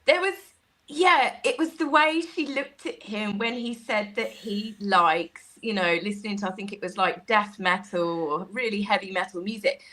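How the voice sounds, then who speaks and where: A woman co-hosting a casual chat show, animated and mocking, acting out what people said. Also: mid-range voice, normal speed. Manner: animated, mocking, acts out quotes. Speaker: co-host.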